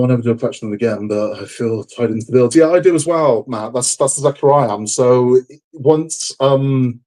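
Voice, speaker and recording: A man's voice: medium pitch, warm tone. A man hosting a live model-building stream, chatting casually and frankly, rambling and repeating himself, tired and under the weather. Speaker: livestream host building a model kit.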